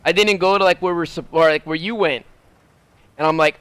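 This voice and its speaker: A man in his thirties from Southern California, casually telling a personal story while streaming, jumping up into excited bursts when he quotes himself. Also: fast talker, clear, resonant tone, dry recording. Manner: animated, rising to excited high bursts when quoting himself.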